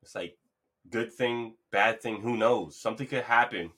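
A man's voice: medium pitch, normal speed, bright, forceful tone, slightly rough. A man hosting his own podcast, talking in a loose, rambling, motivational way. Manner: playful, hypes up an imagined crowd. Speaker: podcast host. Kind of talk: casual solo monologue.

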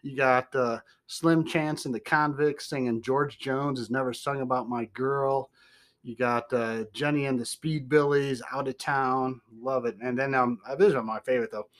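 Rambling, chuckling host with a Southern twang. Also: male voice, medium pitch, steady tone, moderate pace. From American Midwest. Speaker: podcast host. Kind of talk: casual podcast chat.

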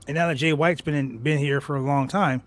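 Brief: man, slightly high voice, excitable rambling podcast co-host, swears freely. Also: brisk. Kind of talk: casual wrestling podcast chat.

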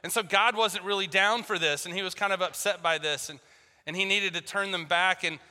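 A man's voice: high-pitched, fairly even intonation, fairly quick, pushed and bright. A man preaching a sermon, telling a story and acting out both sides of a phone call with jokes. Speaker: pastor. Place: church hall. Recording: long hall reverb.

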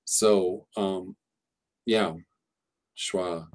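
Low, steady in tone, and drawing out his words, an English teacher guest talks casually on a podcast about teaching pronunciation. He explains things in a rambling way, restarting often and using lots of fillers.

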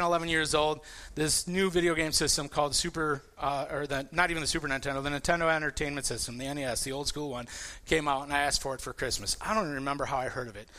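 Bright-voiced man telling sermon stories. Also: fairly high pitch. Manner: repetitive restarts, animated storytelling. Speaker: preacher. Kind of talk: casual sermon with personal stories.

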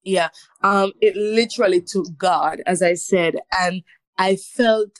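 A woman's voice: medium pitch, a little slow, dry recording. Earnest woman sharing her testimony. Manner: earnest, emotional storytelling with laughter. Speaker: guest. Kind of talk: personal testimony in an interview.

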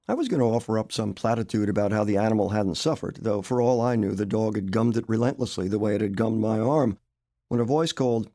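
Gravelly male author reading his fiction. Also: fairly low pitch, brisk, no room sound, clean studio sound. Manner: expressive, wry storytelling. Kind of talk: literary audiobook narration.

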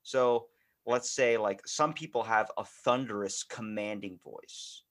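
A man with a Baltimore accent hosting a podcast, chatting casually and telling lively stories, swearing freely. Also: fairly low pitch, takes it slowly. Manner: animated storytelling, swears freely. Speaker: podcast host. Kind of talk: casual chat.

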